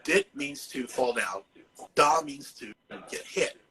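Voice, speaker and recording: A man from Massachusetts speaks at a middle pitch. He is a herbalist guest on a podcast, talking in a loose, joking way and dropping "you know" all through. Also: slow pace, sharp tone, low-quality recording. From Massachusetts, USA. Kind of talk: casual podcast chat.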